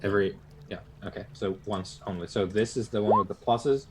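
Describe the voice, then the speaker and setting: A man's voice: on the low side, fairly even intonation, fairly quick, heavy background noise. A man playing a tabletop game, talking casually and explaining his rolls. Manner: casual and filler-heavy. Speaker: player.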